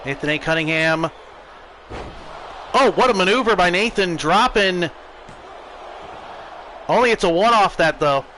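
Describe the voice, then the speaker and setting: Excitable American man calling wrestling. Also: sits high, measured pace, pauses often, slight background noise, low-quality recording. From United States. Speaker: streamer. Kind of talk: wrestling play-by-play commentary.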